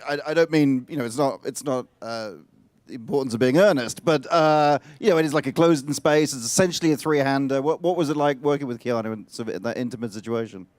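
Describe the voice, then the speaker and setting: A male interviewer who asks his questions quickly, stumbling over restarts and trailing off as he goes. The sound is dry and close to the mic. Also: mid-range voice, a little mellow, no room sound. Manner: halting, full of restarts.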